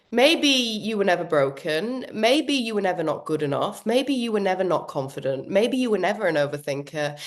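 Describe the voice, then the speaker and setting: A woman leading an online workshop on a video call, animated and quick to laugh, often acting out what goes on in people's heads. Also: mid-range voice. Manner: animated, laughs often, acts out inner voices. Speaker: workshop trainer. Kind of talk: live online workshop talk.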